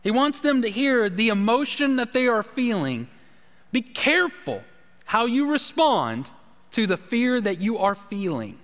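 A man's voice: extremely high pitch, sing-song, measured pace, fairly bright tone. A man preaching a sermon as pastor, emphatic and repetitive, often restarting his phrases. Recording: long hall reverb.

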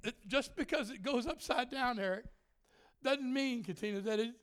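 A middle-aged man preaching a sermon, telling a story in an animated way, often shouting and breaking into laughter. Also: very high voice, normal speed.

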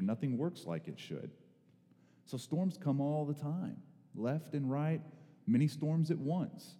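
A man preaching a sermon, telling a personal story in a lively, dramatic storyteller's way, with bursts of raised, excited voice. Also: on the low side, big-room sound. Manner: storytelling, animated, rising to excited exclamations. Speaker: pastor.

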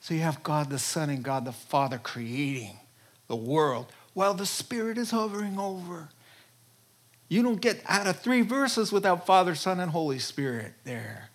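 A man preaching a sermon, emphatic and animated, laughing often and swinging between loud exclamations and near-whispers. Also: fairly high pitch, moderate pace. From Jewish background. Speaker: pastor.

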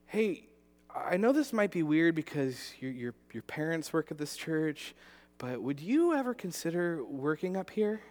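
A male pastor telling a personal story in a sermon, earnest, with frequent restarts and repeated words. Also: fairly high pitch. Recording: long hall reverb.

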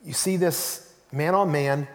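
A man preaching a sermon as pastor in a church, telling the story in an animated way and acting out the quotes. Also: on the high side, slow. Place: church sanctuary. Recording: reverberant church hall.

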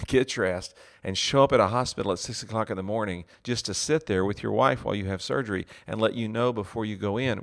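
A middle-aged male pastor with a deep, low voice speaks in an earnest, heartfelt manner. He gives a reflective teaching talk and pauses often on small fillers as he gathers his thoughts. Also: creaky. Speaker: pastor and ministry leader.

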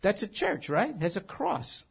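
A man teaching scripture in an animated sermon, emphatic and full of rhetorical questions. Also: high-pitched, unhurried, gravelly, slightly rough. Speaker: Bible teacher.

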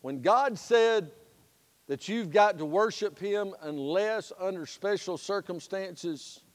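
A high-voiced male pastor preaches with folksy, animated storytelling. His voice rings out through a church sanctuary with a long, echoing reverb. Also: slow. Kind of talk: sermon with storytelling.

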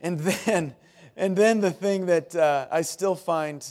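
Middle-aged pastor, man, fairly high voice, folksy storytelling sermon that turns lively for the jokes. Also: takes it slowly. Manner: chatty storytelling with self-deprecating humor and laughs; animated, rises in pitch and volume at punchlines.

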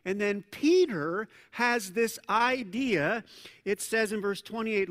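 A man's voice: sits high, takes it slowly. Man preaching in a reverberant church. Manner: conversational, animated preaching with asides and self-corrections. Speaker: pastor. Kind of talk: sermon. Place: church sanctuary. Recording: long reverb of a large church hall.

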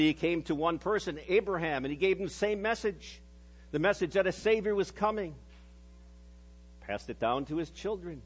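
A middle-aged male pastor preaching a sermon in an earnest way, slowing down on key phrases and dropping low and soft for solemn lines. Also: breathy edge.

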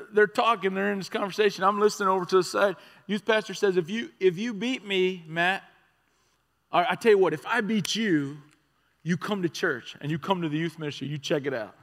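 Guy telling stories in a sermon, goes loud then real quiet, kinda high voice, big echoey hall. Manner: conversational storytelling, swings from loud excited to hushed. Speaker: preacher. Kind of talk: storytelling sermon. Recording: long reverb of a large hall.

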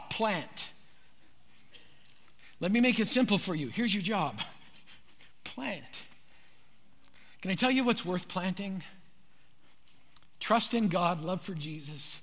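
A man's voice: sits high, sharp tone, in a large hall. A man pastor delivering a sermon with an emphatic, repetitive preaching cadence.

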